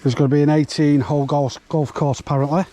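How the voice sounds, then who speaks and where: A man talks casually to his camera while walking outdoors. His voice sits fairly high but sounds mellow and soft-edged, and he rambles with plenty of ums and restarts. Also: flat delivery, quick pace, slight background noise. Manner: rambling, chatty, many fillers. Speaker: urban explorer vlogger. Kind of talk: casual vlog chat. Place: outdoors on derelict grounds.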